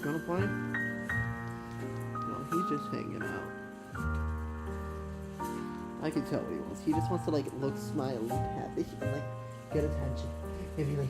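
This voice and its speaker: A man hosting a casual livestream from home, chatting playfully and rambling, and cooing at his dog in a high voice. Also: animated, a little slow, pauses often, loud music behind the voice. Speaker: livestream host.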